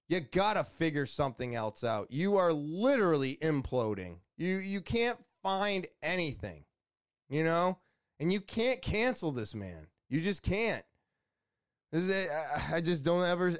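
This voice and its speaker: A podcast host rants casually, rambling and blunt with swearing and plenty of fillers. His slightly high voice is clear and resonant, captured in a dry, studio-quality recording.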